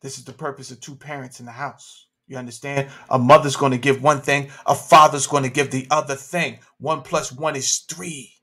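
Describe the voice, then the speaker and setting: Forceful, fired-up New man. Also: medium pitch, steady tone, moderate pace, few pauses. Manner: emphatic, slangy, rhetorical questions. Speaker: livestream host. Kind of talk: animated opinion talk.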